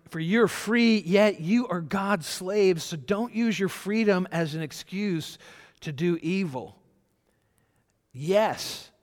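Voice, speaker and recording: A man preaching a sermon as pastor, speaking conversationally with frequent restarts and repeated words. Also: fairly high pitch. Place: church sanctuary. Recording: long reverb in a large church hall.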